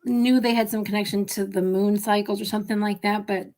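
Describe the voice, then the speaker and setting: A woman's voice: medium pitch, steady tone, a little fast, darkish tone. A woman co-hosting a casual chat over a video call, chiming in with agreeable short reactions. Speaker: podcast co-host.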